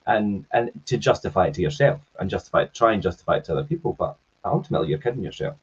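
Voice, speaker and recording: A man's voice: low voice, expressive, rapid-fire, slightly rough. A man co-hosting a business podcast in casual chat, agreeable and reflective. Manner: agreeable, reflective, brief backchannels. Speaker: podcast co-host. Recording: dull lo-fi podcast audio.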